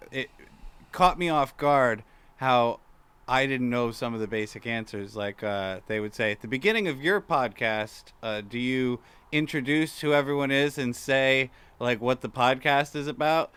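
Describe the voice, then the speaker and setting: A man co-hosting a casual comedy podcast, joking around and now and then bursting into high, silly put-on voices. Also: measured pace, a bit bright, clean tone. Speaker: podcast co-host. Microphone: studio microphone.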